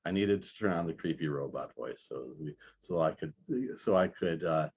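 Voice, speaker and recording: A man teaching a math class over a recorded video call, talking in a halting way with many restarts. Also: rumbling low, gravelly, a little mellow, breathy edge, lo-fi sound. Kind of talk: recorded online class lecture.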